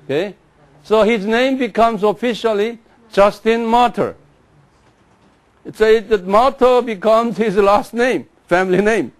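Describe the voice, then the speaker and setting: A man lectures to a class in a fairly high voice. He moves slowly and deliberately, drilling pronunciations and asking listeners to repeat after him. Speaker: Bible teacher.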